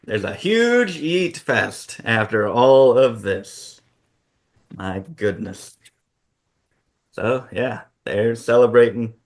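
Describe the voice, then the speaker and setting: A man hosting a casual fantasy-booking chat, telling the story in an animated way with frequent laughs. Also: medium pitch, takes it slowly. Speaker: host.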